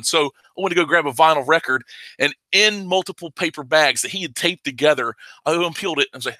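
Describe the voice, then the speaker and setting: A man with a very bright, forceful voice talks comics retail on a podcast, fired up and swearing freely. His sound is dry and close, with no room around it. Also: fairly high pitch, fairly quick, no room sound. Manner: impassioned and profane, swinging into loud outbursts. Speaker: comic shop owner guest. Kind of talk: casual podcast chat.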